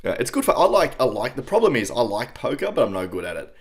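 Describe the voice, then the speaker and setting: A young adult man with an Australian accent, co-hosting a casual chat, relaxed and swearing, often repeating words. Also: mid-range voice, fast talker. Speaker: podcast co-host.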